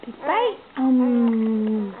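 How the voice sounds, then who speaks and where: Mother, high unhurried voice, giggly baby talk, lo-fi camcorder audio. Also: sing-song. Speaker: mother feeding her baby. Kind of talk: casual home video baby talk. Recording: tinny lo-fi home camcorder audio with hiss.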